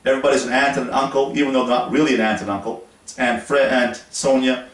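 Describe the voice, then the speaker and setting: A man from Montreal, Canada, hosting an instructional talk to camera in a slow, deliberate, explanatory way. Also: mid-range voice, steady tone. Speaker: host. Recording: roomy echo, voice from a distance.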